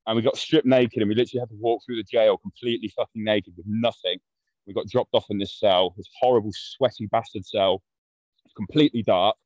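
Brief: man, lowish voice, blunt sweary storyteller, dull dry podcast sound. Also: steady tone, a little fast, a little mellow, no echo. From London. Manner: blunt, sweary, rambling with fillers. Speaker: podcast guest. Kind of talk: casual storytelling.

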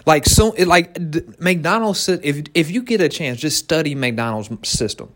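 A man, a small business owner, giving a motivational talk to entrepreneurs in an animated way, repeating key phrases and laughing often. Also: on the high side, normal speed.

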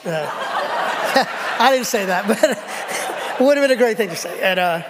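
A man's voice: high-pitched, animated, unhurried, noisy background. A middle-aged male pastor preaching a sermon, telling personal stories in a conversational, self-deprecating way and acting out the dialogue. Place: church sanctuary. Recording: long hall reverb.

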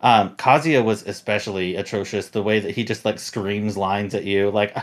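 A man's voice: lowish voice, steady tone, normal speed. A man hosting a podcast, chatting casually and rambling with many fillers and restarts. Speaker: podcast host.

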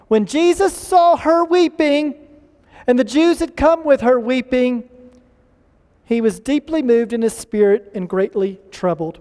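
High-voiced man preaching in a reverberant hall. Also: a little mellow. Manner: earnest preaching, rising emphasis and slowing for key lines. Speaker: pastor. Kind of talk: sermon.

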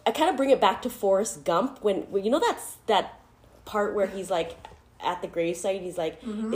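A woman's voice: medium pitch, moderate pace, a little mellow. A woman in her thirties, chatting casually as a host, laughing often and tearful at times. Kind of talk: casual chat.

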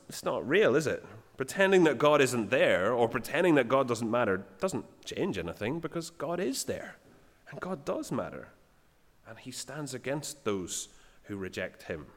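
A man giving a sermon in a plain conversational way, often pausing with fillers. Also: medium pitch, fairly bright tone, long reverb tail. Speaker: preacher.

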